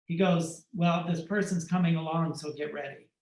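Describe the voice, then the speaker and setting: A man, a photographer on a podcast, telling a personal story and acting out the dialogue in lively shifting tones. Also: on the high side, moderate pace, echoey room, slight background noise, poor audio. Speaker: podcast guest, fashion photographer.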